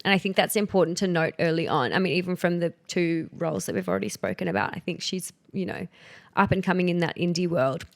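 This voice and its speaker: A woman's voice: lowish voice, expressive, quick pace, vocal fry. A woman co-hosting a pop culture podcast, leading the segment in casual chat with many fillers. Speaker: podcast co-host.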